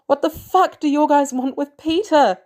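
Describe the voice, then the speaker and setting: A woman's voice: fairly high pitch, lively intonation, unhurried, mellow, pitched above the performer's own voice. A woman voicing a frightened, exhausted middle-aged aunt who asks anxious, urgent questions, in a podcast story reading.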